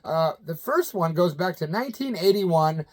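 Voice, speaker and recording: A man's voice: a little high, expressive, moderate pace. A man in his fifties from the American Midwest, telling rock stories in a loose, colloquial way and acting out the people he quotes. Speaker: channel host telling stories. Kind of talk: casual anecdotal storytelling.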